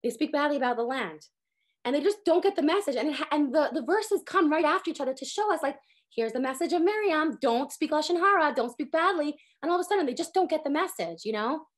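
A woman in her thirties teaching a casual Torah class, animated and acting out exasperated prayers as she talks. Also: high-pitched, quick pace.

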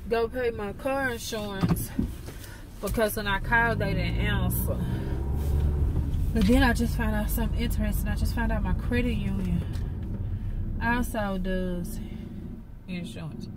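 Lady vlogging on her phone, chatty and rambly, loud car noise behind. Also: mid-range voice, fairly even intonation, measured pace, pauses often. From Texas, USA. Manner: chatty, rambling, talks straight to viewers. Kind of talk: casual chat to viewers. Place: in a car and at home.

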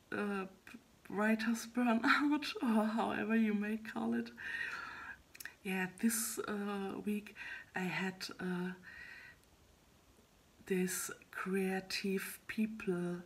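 A woman talking in a casual solo vlog about her writing progress, soft and half-whispered, hesitant and halting with many fillers and restarts. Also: mid-range voice, slightly rough. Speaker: web fiction writer vlogging her progress.

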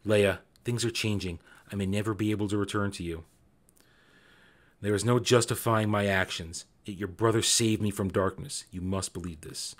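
A man reading aloud as a remorseful ghost of a father, speaking softly and mellowly in a deeper voice than his own. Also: fairly even intonation, normal speed, natural voice. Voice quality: soft-spoken, hushed.

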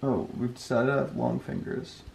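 A man joking with his partner off camera, teasing and playfully deadpan. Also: mid-range voice, normal speed, vocal fry, a little hiss or hum. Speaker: vlogger's partner. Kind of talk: casual joking banter. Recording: roomy off-camera sound.

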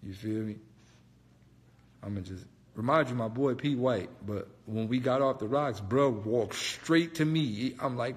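A man casually telling a story, animated, slangy and profane. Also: fairly low pitch, normal speed, big-room sound. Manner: animated, profane, slangy, keeps saying "bro".

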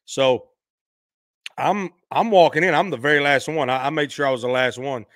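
A middle-aged man from Nashville, a musician guest telling an animated story in an interview and acting out quoted voices. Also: medium pitch, moderate pace, no room sound, studio quality. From Nashville, Tennessee.

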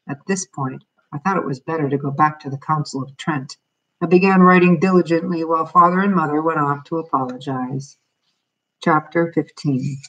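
A woman reading a children's novel aloud as a storyteller, in steady, plain narration. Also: deep voice, muffled recording.

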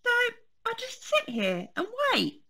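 A woman's voice: very high-pitched, huge pitch swings, takes it slowly, creaky, bright, forceful tone, pitched above the performer's own voice, exaggerated voice. A woman doing an eager little bear cub.

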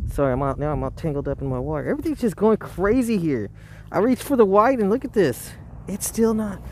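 A man's voice: sits high, darkish tone, a little hiss or hum. A man hosting a casual live painting stream outdoors by the roadside, rambling and talking to himself with frequent chuckles.

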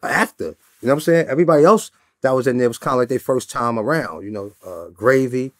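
A man's voice: mid-range voice, quick pace, no echo. Laid-back man telling stories, dry sound. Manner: laid-back, peppered with "you know what I'm saying". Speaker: interview guest. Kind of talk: casual storytelling interview.

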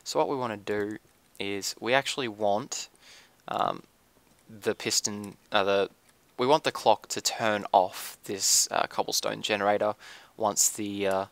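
A man talks through a build in casual gameplay commentary, unhurried and thinking aloud with plenty of ums. His voice sits low and gravelly. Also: a bit bright, no echo.

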